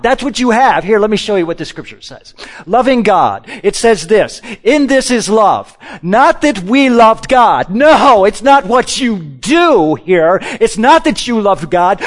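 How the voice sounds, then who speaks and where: Male pastor, high voice, unhurried delivery; drops to near-murmurs, then rises to emphatic preaching. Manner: swings from quiet, low musing to loud, slow, emphatic preaching; leads the congregation in call-and-response. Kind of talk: sermon.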